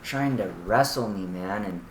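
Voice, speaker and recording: A man's voice: lowish voice, a little slow. A young man with a mid-range voice, telling stories with lots of energy and swearing casually. He acts out the people in his stories as he goes. The recording has a roomy echo and a faint hiss behind the voice. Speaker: podcast co-host. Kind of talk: casual chat. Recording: echoey room, faint room noise.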